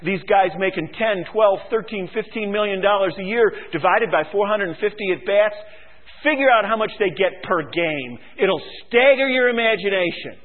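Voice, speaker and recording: A man preaching a sermon as pastor, sarcastic and emphatic, mocking his listeners. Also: high-pitched. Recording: tinny phone-like recording.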